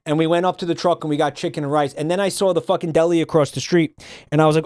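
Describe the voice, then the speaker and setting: A man's voice: on the high side, fairly even intonation, very fast, darkish tone, no echo, clean studio sound. A man streaming, chatting casually and swearing freely, often breaking into laughter. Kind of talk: casual chat reacting to a game.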